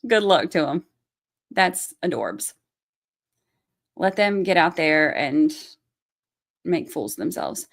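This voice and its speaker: A woman's voice: deep voice, big pitch swings, slow pace, creaky, long pauses. A woman in her thirties hosting a true crime livestream, talking casually and bluntly, swearing freely and reading out chat messages as she goes. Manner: reads chat names aloud and answers them.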